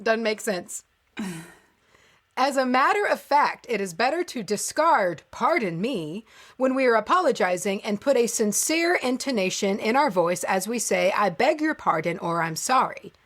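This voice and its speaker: A woman's voice: fairly high pitch, big pitch swings, normal speed, a bit bright. A woman co-hosting a casual podcast, reading a text aloud and breaking in with exasperated, sarcastic asides. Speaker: podcast co-host.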